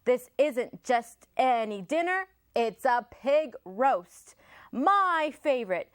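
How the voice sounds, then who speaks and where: A woman voicing a hungry, greedy male fox in a storybook reading, loud and gloating. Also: high voice, sing-song, takes it slowly, clear, resonant tone, dry recording, studio quality, pitched above the performer's own voice, full character voice.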